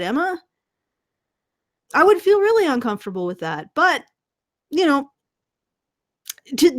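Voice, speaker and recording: Woman podcast host, slightly high voice, sarcastic, swears, trips over restarts. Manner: sarcastic, stammering restarts, profane. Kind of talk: casual commentary chat.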